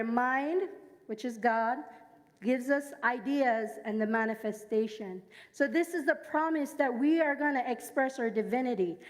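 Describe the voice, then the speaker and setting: A woman's voice: high-pitched, big-room sound. A woman from Jamaica with a Jamaican accent, giving a sermon at a church service. She shares personal stories and has the congregation repeat lines after her. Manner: engages the congregation, asks them to repeat lines; personal storytelling.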